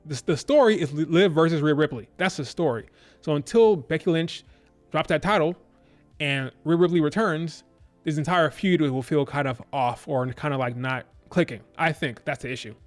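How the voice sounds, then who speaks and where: A man's voice: on the high side, normal speed, faint music behind. A man casually reviewing a wrestling show on a live stream, rambling with lots of fillers. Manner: rambling, filler-heavy, loose and conversational.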